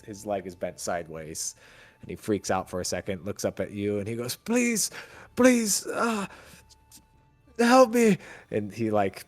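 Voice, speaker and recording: A man narrating a tabletop game as game master, halting and hesitant, with many fillers and restarts. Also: on the low side.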